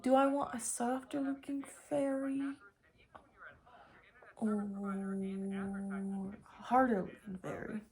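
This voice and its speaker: A woman's voice: fairly high pitch, creaky, a little mellow. A woman makeup vlogger chatting casually to herself while she works, rambling and thinking aloud.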